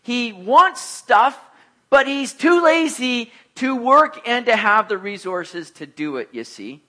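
A middle-aged man preaching a sermon, telling lively personal stories and acting out the voices of the people in them. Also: very high-pitched, slow. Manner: animated storyteller, acts out voices, laughs at himself. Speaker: pastor.

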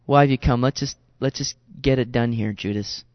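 A man voicing a calm figure who confronts a betrayer in a low, firm voice. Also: normal speed, no echo, close to an everyday voice. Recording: dull lo-fi recording.

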